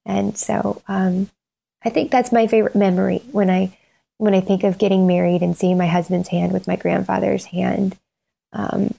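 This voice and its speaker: A woman's voice: mid-range voice, little pitch movement, moderate pace, gravelly, dark tone. A woman co-hosting a podcast in casual conversation, talking in a heartfelt, rambling way with fillers and restarts. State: tearful, crying at times. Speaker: podcast co-host.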